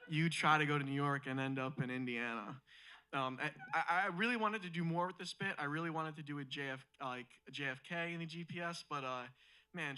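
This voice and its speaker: Male stand-up host, stumbles over himself, then yells bits; bright, keen tone. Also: on the high side, poor audio. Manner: rambling, self-interrupting, bursts into loud shouted impressions. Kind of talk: live stand-up comedy. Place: comedy club stage with audience.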